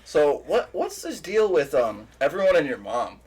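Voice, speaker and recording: A young man co-hosting a podcast who teases, laughs often and jumps into high mock voices. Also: sing-song, normal speed, heavy background noise. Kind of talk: casual chat.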